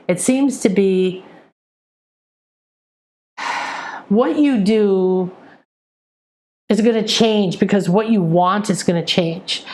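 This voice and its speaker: Chatty middle-aged woman, spiritual coach. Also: medium pitch. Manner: rambling, warm-hearted storytelling with many restarts and "right?" asides; excitable, breaks into exclamations of wonder. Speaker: intuitive reader and spiritual coach. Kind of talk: casual spiritual teaching monologue.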